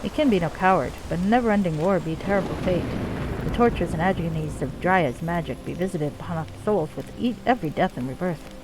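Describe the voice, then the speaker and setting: A woman voicing a gruff male dwarf clan leader, weary of endless war, in a put-on Scottish accent. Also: fairly low pitch, a little fast, noisy background, lightly acted. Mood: somber. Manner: gruff, archaic folksy dwarf speech. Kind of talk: reading game dialogue aloud.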